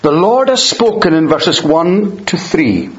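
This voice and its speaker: A man preaching a sermon, measured and emphatic, slowing down on quoted verses. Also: fairly high pitch, very animated. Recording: dull lo-fi sound in a roomy space.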